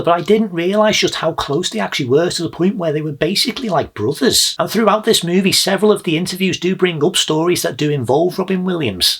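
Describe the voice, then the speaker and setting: A man from the United Kingdom giving an earnest, measured film review as host of his own channel. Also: on the high side, a bit bright, slightly rough.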